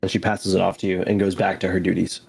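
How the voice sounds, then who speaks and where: Low-pitched man game master, relaxed narration with filler words, faint music behind. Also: fast, creaky, husky. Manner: loose, descriptive, many fillers.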